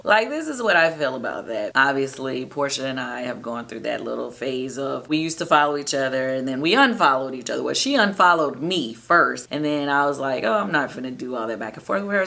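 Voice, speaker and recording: Chatty woman with a bright, forceful voice. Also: low-pitched, gravelly. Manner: animated and gossipy, laughs often, addresses viewers directly. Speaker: show host recapping episodes for viewers. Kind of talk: casual chatty recap.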